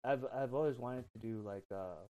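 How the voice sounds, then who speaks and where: A man's voice: mid-range voice, moderate pace, dark tone, poor audio. A man on a podcast telling a story in a rambling, casual way, full of swearing and filler words. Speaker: podcast guest.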